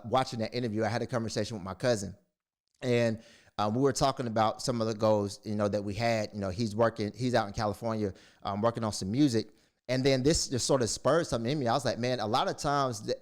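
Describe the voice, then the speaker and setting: A man speaking to camera as a motivational speaker, retelling a story in a casual, rambling way with many fillers and restarts. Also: fairly low pitch. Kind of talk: casual monologue.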